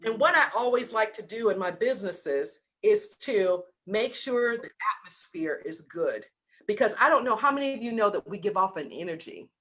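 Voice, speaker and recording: A woman's voice: medium pitch, normal speed. Southern woman coaching, acting out scenes. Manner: animated, acts out little scenes in voices. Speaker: business coach. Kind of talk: motivational talk over video call. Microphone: video call.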